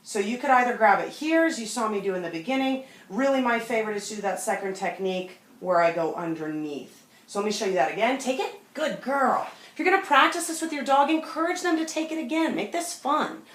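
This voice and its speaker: Calm woman dog trainer, mid pitch, explains step by step to camera; roomy echo. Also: fast, hardly any pauses. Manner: calm, explanatory, talks directly to viewers. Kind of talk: instructional demonstration to camera. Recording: echoey room.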